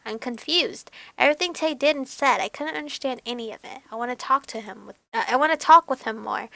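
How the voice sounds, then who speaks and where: A woman hosting a let's play, reading a visual novel aloud and reacting in an animated, exclaiming way. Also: on the high side, dry recording.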